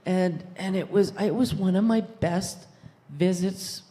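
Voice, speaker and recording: Woman in her sixties, low voice, chatty and laughing, congregation share in a reverberant hall. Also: takes it slowly, warm tone. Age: 60s. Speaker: congregation member sharing. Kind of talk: casual personal sharing. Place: church hall.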